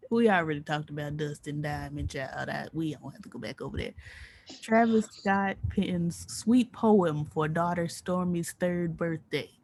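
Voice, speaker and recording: A woman's voice: sits low, a little slow, darkish tone. Woman, podcast co-host, playful, gossipy, drawling, casual chat.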